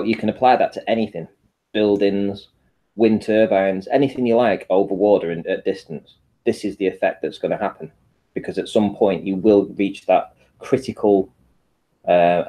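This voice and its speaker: A man's voice: low-pitched, warm tone. A man explaining a point step by step in a casual chat, with restarts.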